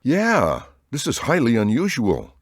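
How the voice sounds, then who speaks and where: A man's voice: medium pitch, wildly swooping pitch, unhurried, breathy edge, no room sound, studio quality, voice pushed up, exaggerated voice. A man voicing a frantic young researcher. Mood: anxious. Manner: urgent, pleading questions. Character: young male ocean researcher, anxious and shaken. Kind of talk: audiobook character voice.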